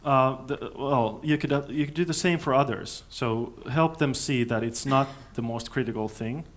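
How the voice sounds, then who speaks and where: A man stands before a conference audience, fielding questions. His voice sits in an ordinary middle register. He is thoughtful and halting, often restarting sentences as he works out his answers. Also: mid-range voice. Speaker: conference speaker. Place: conference hall.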